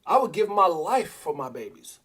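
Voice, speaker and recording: A man's voice: high voice, big pitch swings, moderate pace, a bit bright, breathy edge. A middle-aged man hosting a livestream, giving heated casual commentary. He is fiery and repeats himself, stammering when worked up. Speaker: livestream host.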